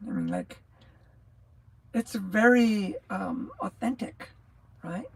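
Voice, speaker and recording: Slow and creaky with a breathy edge, this woman's medium-pitched voice swings hugely in pitch. She's a New Mexico truck driver in her sixties hosting a livestream, rambling in casual chat with a scratchy, rattly sound, laughing often and losing her train of thought.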